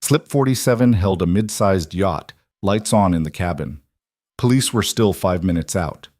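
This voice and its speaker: A man narrates a scripted thriller in an even, dramatic way. His voice is low. The sound is dry and close. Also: normal speed, no echo.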